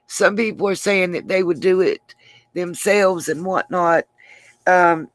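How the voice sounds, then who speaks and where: A woman's voice: on the low side, no echo. A woman hosting her own channel, talking casually on a livestream, rambling and answering viewers by name. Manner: rambling, addresses viewers by name, frequent restarts. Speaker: channel host.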